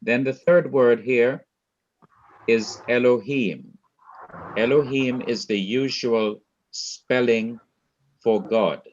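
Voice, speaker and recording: A man with a Jamaican accent teaching a Hebrew lesson, speaking deliberately, repeating key words and quizzing his students. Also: medium pitch, steady tone, a little hiss or hum. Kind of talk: online Bible language lesson. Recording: dull lo-fi sound.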